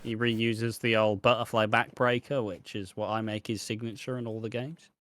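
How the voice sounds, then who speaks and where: A man's voice: fairly low pitch, level tone, normal speed, fairly bright tone, a little hiss or hum. A man co-hosting a wrestling podcast, laid-back and dry, dropping swear words into match rundowns. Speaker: podcast co-host. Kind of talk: casual chat.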